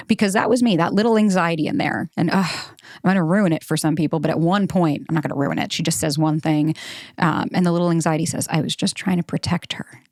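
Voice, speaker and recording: A woman in her thirties, a dating coach, talking candidly to listeners in a casual monologue, swearing freely with animated bursts. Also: lowish voice, no room sound, clean studio sound. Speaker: dating coach and podcast host.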